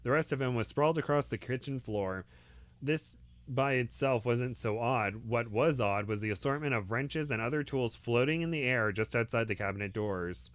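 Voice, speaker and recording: A man's voice: medium pitch, moderate pace, a bit bright, no echo. A man hosting a podcast where he reads a novel aloud and chats playfully between passages. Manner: playful, chatty, laughs easily. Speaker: podcast host. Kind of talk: reading a novel aloud, with casual chat.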